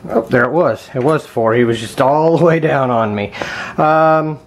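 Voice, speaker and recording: A man casually talking viewers through picking a lock at his home workbench, thinking aloud with frequent ums and quiet mutters. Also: medium pitch, moderate pace. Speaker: lockpicking hobbyist. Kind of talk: casual hands-on demonstration vlog.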